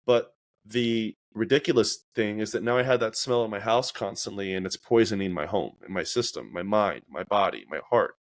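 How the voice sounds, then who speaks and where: A man hosting a casual podcast speaks at normal speed in a voice on the low side. He tells stories reflectively and with animation, acting out his own inner voices.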